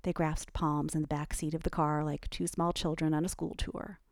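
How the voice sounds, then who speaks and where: Gravelly lower-voiced woman reading a novel, even and measured, dry close sound. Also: no echo. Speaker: audiobook narrator. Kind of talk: scripted narration.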